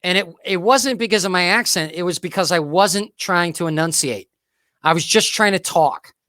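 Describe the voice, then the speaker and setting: A man hosting a talk show in casual chat, upbeat and quick to laugh. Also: sits high, bright, forceful tone, dry recording, studio quality. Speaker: host.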